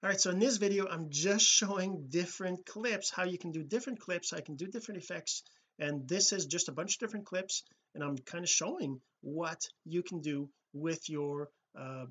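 Man for a casual home tutorial: husky, a touch high, loose and self-correcting. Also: moderate pace, a bit bright. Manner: rambling, self-correcting, many fillers. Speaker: tutorial host. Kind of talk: casual screen-recorded tutorial. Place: home desk setup with computer.

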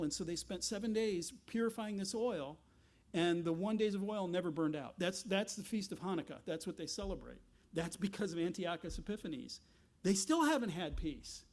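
Male pastor, high-pitched, animated sermon delivery with questions and asides.

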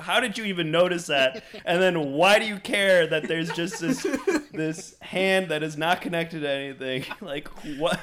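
A man co-hosting a podcast, talking in a rambling, sarcastic way full of "like" fillers and swearing. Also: fairly high pitch. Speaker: podcast co-host. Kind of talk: casual chat.

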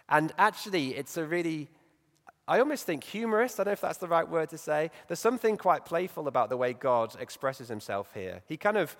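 A male preacher giving a Sunday morning sermon in a reflective, conversational way, growing animated as he acts out Bible stories. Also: on the high side, fairly quick. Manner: reflective, conversational, lively when acting out stories. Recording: long reverb in a large hall.

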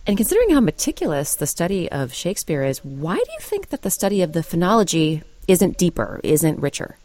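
A low-pitched woman with a warm, mellow tone, asking probing interview questions. Her pitch moves a lot, and the sound is close and dry. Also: huge pitch swings, a little fast, dry recording. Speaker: interviewer host.

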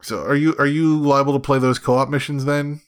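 A man's voice: mid-range voice, little pitch movement, normal speed, clean tone. A man leading a casual podcast chat about video games, talking in a rambling way with many restarts.

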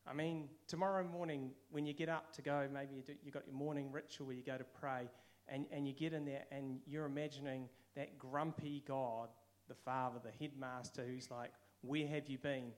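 A man's voice: mid-range voice, fairly even intonation, moderate pace, few pauses. A man with a New Zealand accent giving a casual, conversational sermon, now and then acting out quoted voices. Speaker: preacher.

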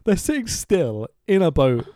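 A man hosting a casual podcast, recapping a film in an animated, sweary rant full of laughs. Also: fairly high pitch, unhurried, dry recording, studio quality. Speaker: podcast host.

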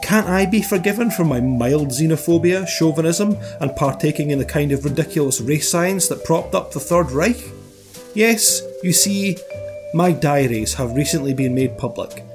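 A man's voice: on the high side, expressive, moderate pace, music in the background. A man voicing a smug self-pitying scientist. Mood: smug defensive. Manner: sarcastic, self-pitying mock complaint. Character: smug male scientist penning a defensive letter.

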